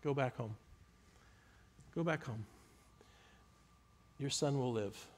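Solemn Jesus, measured, commanding, fairly high male voice, voiced by a preacher. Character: calm, commanding Jesus speaking to crowds.

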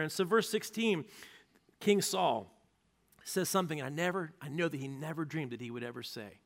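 A male pastor preaching a sermon, retelling a story with animated narration and acted-out quotes. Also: on the high side, moderate pace.

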